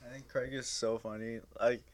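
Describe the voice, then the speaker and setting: A man's voice: medium pitch, flat delivery, moderate pace. A man in a casual podcast chat, talking hesitantly and filling gaps with "like". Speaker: podcast guest.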